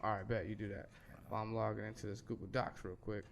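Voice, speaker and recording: A man hosting a casual interview, asking curious, playful questions and repeating words when excited. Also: lowish voice, fast talker, a little hiss or hum. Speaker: interview host.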